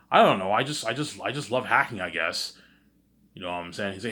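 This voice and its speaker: A man with a fairly low voice tells a story off the cuff and plays every part himself. He keeps circling back with "you know what I'm saying" and repeats words while he thinks. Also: lively intonation, a little fast, bright, forceful tone. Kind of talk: rambling spoken storytelling.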